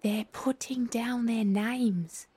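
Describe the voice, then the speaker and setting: A woman's voice: a little high, steady tone, slow pace, dark tone, husky. A woman voicing a griffin who whispers in reply. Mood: whispering.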